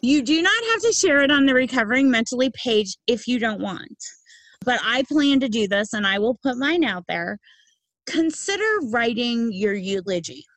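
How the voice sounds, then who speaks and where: Woman podcast host, middle-aged, emphatic and earnest, higher voice, dry close sound. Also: expressive, normal speed, a bit bright, no echo, rough recording. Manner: emphatic, earnest and laughing easily. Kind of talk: casual podcast conversation.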